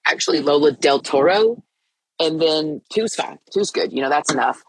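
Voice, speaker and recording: A woman's voice: sits low, animated, moderate pace, slight background noise, rough recording. A middle-aged woman talking earnestly on her own podcast, sounding as if she has been crying, with frequent restarts. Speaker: podcast host. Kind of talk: personal faith podcast talk.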